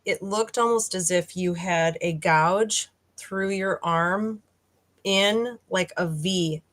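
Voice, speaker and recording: A woman with a fairly low voice explains things earnestly in a relaxed conversation. She pauses and reaches for the right words as she goes. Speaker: guest. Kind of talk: casual chat.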